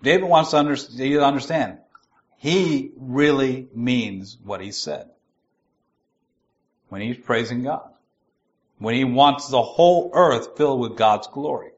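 A man giving a sermon. He reads scripture slowly and stresses its key words. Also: medium pitch, lo-fi sound. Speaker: preacher.

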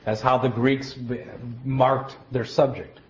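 A man preaching a Bible teaching, explaining scripture step by step in a deliberate way, often stopping to restart a word. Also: mid-range voice, level tone. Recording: dull lo-fi recording.

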